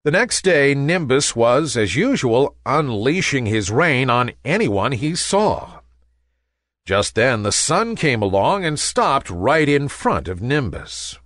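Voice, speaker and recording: A man's voice: medium pitch, big pitch swings, slow pace, fairly bright tone, dry recording. A man reading a children's story, letting his voice rise and fall in wide, sing-song sweeps. He takes his time, and the recording is close and dry.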